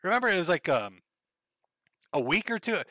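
A man's voice: sits high, big pitch swings, moderate pace, bright, forceful tone, no room sound. A man with a Minnesota accent hosting a livestream, rambling casually with profanity and laughing asides. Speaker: livestream host.

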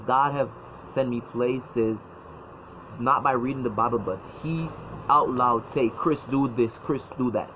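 A man telling his personal faith story, halting and emotional, often repeating words as he speaks. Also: mid-range voice, fairly bright tone. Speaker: former church member telling his story. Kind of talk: personal testimony. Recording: dull lo-fi sound, faint noise.

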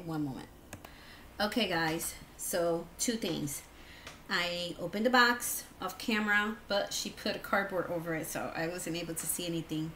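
Woman crafting vlogger, low voice, slow gentle unboxing talk, faint fan hum behind. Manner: slow, gentle, religious and thankful. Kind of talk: casual unboxing chat. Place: hot home room with a fan behind.

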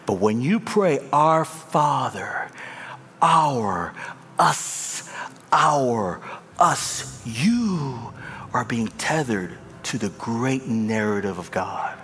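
A man's voice: mid-range voice, big pitch swings, extremely slow, a bit bright, a little hiss or hum. A male pastor preaching a sermon, impassioned and conversational, with a long hall reverb on the voice. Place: large church hall.

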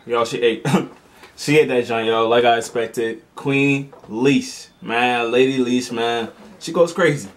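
A young American man reacting to music in casual, slangy commentary, laughing often and getting excited as the host. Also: mid-range voice, unhurried. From United States.

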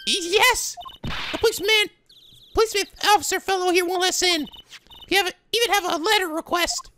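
A man voicing a bubbly, cheerful young girl magician in a squealy, excitable voice. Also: very high-pitched, a little fast, a little hiss or hum, pitched above the performer's own voice. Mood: excited.

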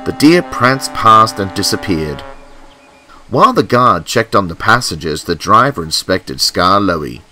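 Man reading a kids' train story, lowish voice, really animated, music playing under him. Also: measured pace. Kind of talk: storybook narration.

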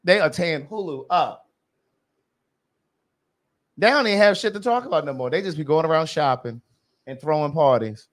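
A man's voice: a little high, moderate pace, long pauses. A man co-hosting a podcast in casual chat, with a wry, chatty manner. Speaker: podcast co-host.

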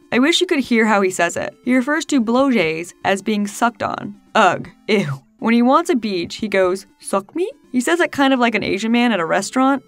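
A woman's voice: on the high side, no room sound. Sarcastic woman narrating over music. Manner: sarcastic, mocking, laughs through the telling. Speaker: documentary narrator. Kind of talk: scripted commentary narration.

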